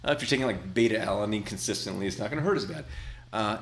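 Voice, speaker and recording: A man's voice: on the low side, fast talker. A man co-hosting a casual chat, acting out quotes and laughing often. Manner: animated storyteller, acts out quotes, laughs often. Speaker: podcast co-host.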